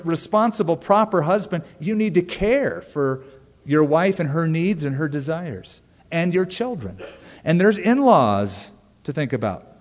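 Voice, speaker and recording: A male pastor delivers a verse-by-verse sermon in a folksy, conversational manner, slipping in dry jokes. He drops his voice softly on the words he wants to stress. His slightly raised voice rings out with a long reverb, as in a large sanctuary. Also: fairly high pitch. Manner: conversational, folksy preaching with wry humor. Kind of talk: expository sermon.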